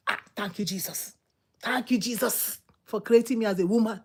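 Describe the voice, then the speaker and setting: A woman's voice: mid-range voice, fairly quick, husky. Emphatic woman preaching a sermon. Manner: emphatic, repetitive, exhorting.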